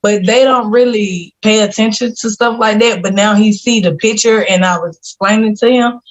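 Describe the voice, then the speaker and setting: A woman's voice: mid-range voice, normal speed, lo-fi sound. A woman on a video coaching call who talks candidly in slang, close to tears. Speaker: coaching client. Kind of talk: emotional group coaching call.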